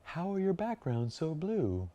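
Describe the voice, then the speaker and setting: High gushing client voice, incredulous, swooping, as a man puts it on. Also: big pitch swings, unhurried, mellow. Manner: high, incredulous, wide-eyed. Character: gushing disbelieving photo clients.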